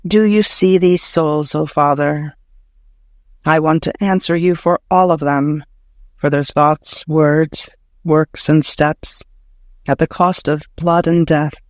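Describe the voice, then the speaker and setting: A man voicing a gentle, solemn Jesus. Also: on the high side, no room sound, clean studio sound.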